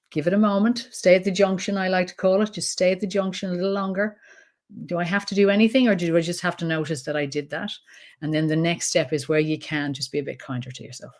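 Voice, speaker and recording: A woman's voice: on the low side, steady tone, quick pace, a little mellow. A middle-aged woman with an Irish accent, a trauma expert talking casually as an interview guest, chatty with laughing asides. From Ireland.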